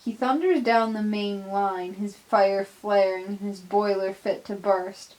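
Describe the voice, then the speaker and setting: Brief: woman narrator, unhurried storybook reading, mid pitch. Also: fairly even intonation, darkish tone, low-quality recording. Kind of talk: fan fiction audio reading.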